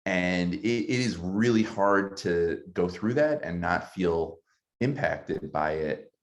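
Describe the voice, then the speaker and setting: A man with a deep, low-pitched voice recounts a personal story from his teaching days. He speaks earnestly and haltingly, pausing often with ums as he gathers his thoughts. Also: lively intonation. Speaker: city councilmember and former teacher.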